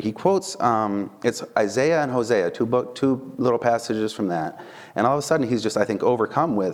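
A man preaching a casual sermon, conversational and animated, often checking in with the listeners with "right?" and "okay?". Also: on the low side, quick pace. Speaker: preacher and Bible teacher.

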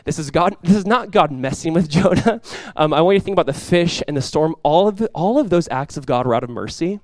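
A man's voice: a little high, expressive, fast, no echo. Dry, emphatic male pastor preaching. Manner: conversational and emphatic, rising to loud passionate peaks. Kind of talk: sermon.

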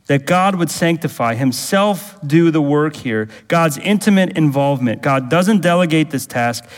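A man preaching in a church with his voice ringing out in a long hall reverb. He sits a little higher than most men and stays emphatic, drawing answers from his listeners. In prayerful stretches he climbs into a fervent, intense delivery. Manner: emphatic, asks the congregation to fill in words. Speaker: pastor. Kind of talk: sermon.

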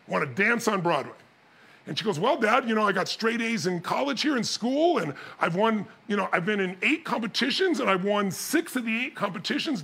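A middle-aged man with a gravelly, husky voice tells a story to an audience. His delivery is animated, rising and falling widely as he acts out the dialogue and laughs along. His pitch sits high for a man. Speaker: motivational speaker.

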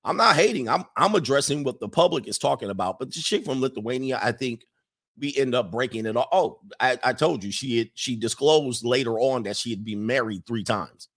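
A man hosts his streaming podcast in a loose, casual monologue, answering viewer questions as he goes. He talks with animation, laughs often, and repeats lines to drive a point home. His pitch sits at an ordinary middle for a man. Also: expressive, a little fast, a bit bright.

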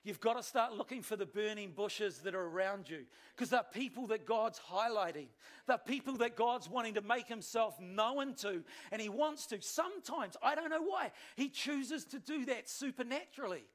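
A male pastor, preaching a sermon with animated, self-deprecating storytelling. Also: high-pitched, normal speed.

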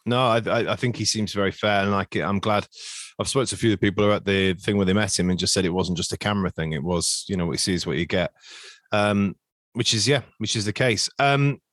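A man talking football on a podcast, rambling through stories with quick asides. His voice sits a little low and he speaks fast. The sound is dry and close. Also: fairly bright tone, dry recording. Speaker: podcast host. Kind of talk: casual chat.

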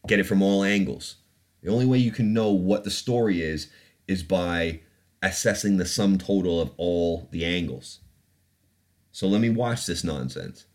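A podcast host with a low-sitting voice talks at normal speed on his casual opinion show. He rambles loosely, laughs now and then, and swears freely.

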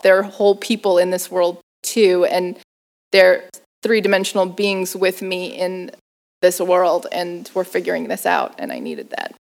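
A woman telling a personal story in an interview, animated, laughing often and using lots of fillers. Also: on the low side, creaky. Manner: acts out family members' voices. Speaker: guest performer.

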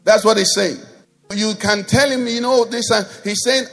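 A pastor preaching with emphatic call-and-response. His voice sits high and carries a gravelly fry. Soft music plays faintly under his sermon. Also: normal speed.

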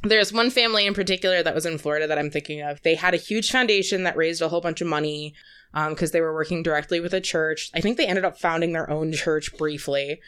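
Lowish smooth-voiced woman chatting, says like a lot. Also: quick pace, a bit bright. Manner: chatty, filler-heavy with lots of "like". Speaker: podcast guest. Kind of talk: casual chat.

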